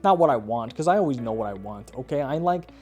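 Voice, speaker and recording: A man's voice: medium pitch, lively intonation, quick pace, darkish tone, faint music behind. A man hosting a video, ranting about bad ads with lots of swearing and repeated "okay?"s. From Canada. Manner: profane, exasperated, keeps asking "okay?". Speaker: video host reviewing ads. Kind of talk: ranting reaction commentary.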